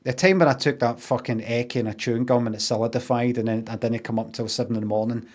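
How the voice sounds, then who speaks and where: A man's voice: medium pitch, steady tone, fast talker, darkish tone. A Glaswegian man casually telling a rambling, sweary story, acting out what people said in changed voices. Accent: Glaswegian Scottish. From Scotland.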